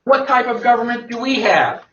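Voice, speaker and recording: A man's voice: very high voice, animated, moderate pace, slight background noise. A man giving an emphatic lecture to an audience, firing rhetorical questions and answering them himself. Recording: echoey, distant, dull lo-fi.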